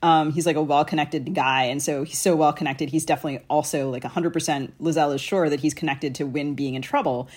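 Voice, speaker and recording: Chatty podcast host, talks fast, kinda husky. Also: mid-range voice, steady tone. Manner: fast, chatty, many "like" fillers. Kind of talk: interview question, casual.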